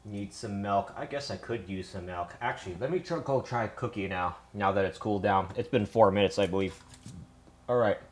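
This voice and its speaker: A man livestreams from his home kitchen, talking briskly in a lowish voice while sounding winded and tired. He rambles casually to his viewers and swears often.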